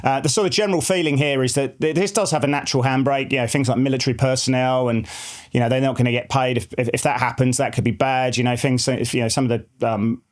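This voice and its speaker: A man's voice: medium pitch, fairly even intonation, fast. A man in his forties who heads market research, co-hosting a finance show in a casual, rambling chat full of fillers and restarts. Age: 40s.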